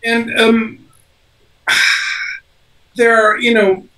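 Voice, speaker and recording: A man's voice: very high voice, level tone, drawn-out words, far from the mic, crowd noise, poor audio. An older man, an actor being interviewed, talking casually with lots of fillers and restarts. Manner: rambling, many fillers and restarts. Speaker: actor guest.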